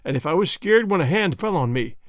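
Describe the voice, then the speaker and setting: A man's voice: a little high, lively intonation, a little fast, no echo, studio quality, close to an everyday voice. Male reader's young man, ardent and persuasive, storybook lover. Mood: coaxing. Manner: coaxing, earnest.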